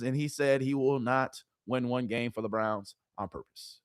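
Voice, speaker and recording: A woman streamer giving casual, animated sports commentary, full of rhetorical questions and slang. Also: rumbling low, normal speed, slight background noise.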